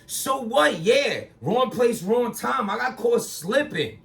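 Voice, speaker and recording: High, gravelly man ranting off-mic. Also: animated, slow pace, far from the mic. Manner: rambling, restarts, bursts into loud emphatic lines. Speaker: battle rapper. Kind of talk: casual commentary monologue.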